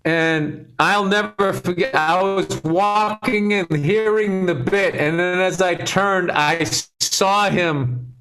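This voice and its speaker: Male comic co-host, high-pitched, swears freely, tells loose stories with laughs mixed in. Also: slow, hardly any pauses, fairly bright tone. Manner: profane, laughing storyteller. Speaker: comedian podcast co-host. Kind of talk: casual podcast chat.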